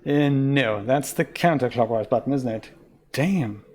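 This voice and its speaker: A man's voice: medium pitch, a little slow, a little mellow. A man from Germany giving casual let's-play commentary on a puzzle game, chatty and self-mocking, with rambling asides. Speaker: game streamer.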